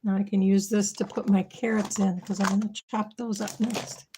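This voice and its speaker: Woman host for a casual kitchen livestream, mellow and relaxed, a bit worn-voiced, faint background hiss. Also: mid-range voice, normal speed. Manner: chatty, thinking aloud while working. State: losing her voice.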